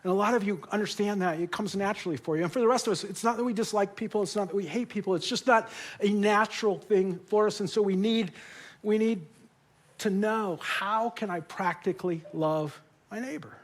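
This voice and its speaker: Preaching in a church auditorium, this middle-aged pastor speaks fairly quickly in a voice that sits high. He tells stories laced with jokes, at times becoming emotional.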